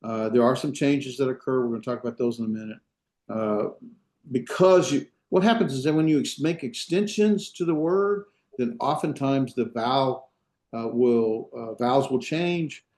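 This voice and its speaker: Mellow-voiced man lecturing a class. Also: medium pitch. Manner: unhurried, many fillers and restarts, explains step by step. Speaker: Hebrew instructor. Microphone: video call.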